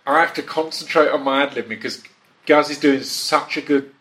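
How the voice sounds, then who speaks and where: A man hosting a relaxed chat with a fellow actor, talking in a self-deprecating way with lots of restarts, sitting at a table on the top deck of a bus. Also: on the high side, fairly quick. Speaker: podcast host and actor. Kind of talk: casual chat.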